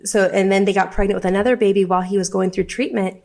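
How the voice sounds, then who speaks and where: A woman's voice: medium pitch, fairly even intonation, quick pace, gravelly, a little mellow. A woman being interviewed as a guest on a podcast, speaking earnestly and with heartfelt conviction.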